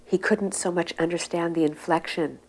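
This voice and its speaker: A low-voiced older woman sharing recollections in an interview. Her tone is gravelly and quiet, and she often stops mid-sentence to find the right word. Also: fairly even intonation, normal speed, rough recording. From United States. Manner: soft-spoken, searches for words with fillers. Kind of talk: reminiscing storytelling.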